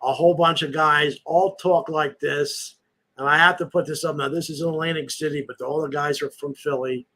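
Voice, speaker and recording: A man's voice: a little high, steady tone, normal speed, pushed and bright, low-quality recording. A man in his sixties hosting a podcast, rambling through nostalgic stories in casual chat. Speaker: podcast host.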